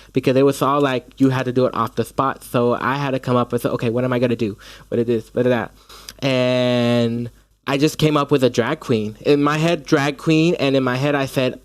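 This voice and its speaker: A young man, a stage actor from the United States, chatting in an interview with animated storytelling and frequent restarts. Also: mid-range voice, dry recording. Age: young adult. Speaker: actor guest. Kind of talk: casual interview chat.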